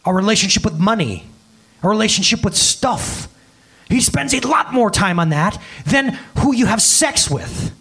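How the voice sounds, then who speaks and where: Male pastor, thirties, casual animated sermon, fairly high husky voice. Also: moderate pace. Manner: animated, conversational preaching with acted-out quotes.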